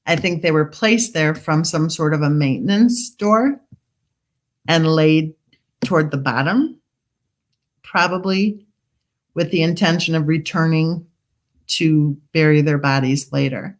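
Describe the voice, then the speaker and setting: Slow lowish woman host chatting on a stream, skeptical, eating lunch as she talks. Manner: eats while talking, reads chat messages aloud; skeptical, questioning. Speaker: true crime channel host. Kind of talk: casual livestream chat, reading viewer comments.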